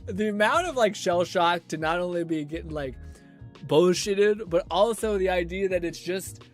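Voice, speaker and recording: A young man streamer rambles through casual reaction commentary, laughing and swearing as he goes. His voice sits a bit high, with faint music behind. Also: normal speed.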